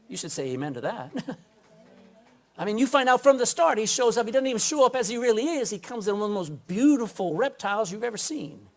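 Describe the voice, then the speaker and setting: A man preaching a sermon to a congregation, folksy and emphatic, often calling for an amen. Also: high-pitched. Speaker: pastor. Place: indoor room with a congregation.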